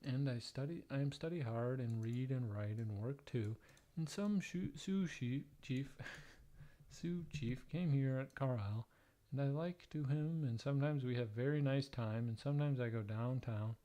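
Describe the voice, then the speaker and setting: Man with a mellow voice reading aloud. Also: mid-range voice. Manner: plain, halting read-aloud delivery, stumbling and restarting over odd wording; blunt, profane joking asides. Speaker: livestreamer. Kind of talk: reading historical letters aloud, with casual asides.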